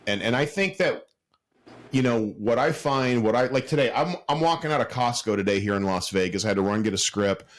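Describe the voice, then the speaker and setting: A man co-hosting a podcast, chatting casually and telling animated stories with many restarts. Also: medium pitch, fairly quick. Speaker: podcast co-host. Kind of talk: casual chat.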